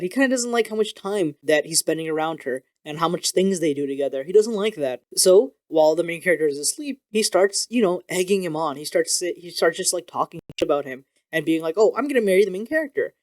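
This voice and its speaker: A man reviewing manga in a casual vlog, animated and excitable, swearing freely as he talks. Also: fairly high pitch, a little fast, hardly any pauses. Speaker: video creator reviewing manga.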